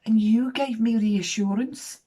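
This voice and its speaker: A woman's voice: fairly high pitch, a little slow, mellow, pitched above the performer's own voice. A woman voicing a know-it-all twenty-one-year-old woman who pleads and apologizes, in a storyteller's retelling. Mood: apologetic.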